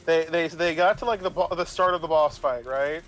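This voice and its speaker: A man's voice: fairly high pitch, a little fast, fairly bright tone. A man who runs tabletop games, casually retelling a session in a rambling way, swearing and asking "right?" as he goes. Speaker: game master. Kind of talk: casual storytelling about a tabletop game.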